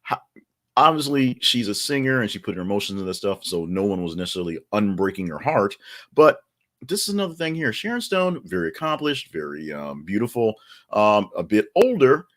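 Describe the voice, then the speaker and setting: A man's voice: on the low side, big pitch swings, fairly quick, a bit bright. A middle-aged man hosting a podcast, commenting on the news in a rambling, casual way with lots of fillers and wry asides. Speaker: podcast host.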